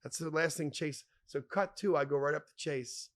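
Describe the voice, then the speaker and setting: A man telling wild stories as a podcast guest, animated and profane, acting out other people's lines. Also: a little high, moderate pace. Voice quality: animated, profane, acts out quoted voices. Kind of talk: casual storytelling.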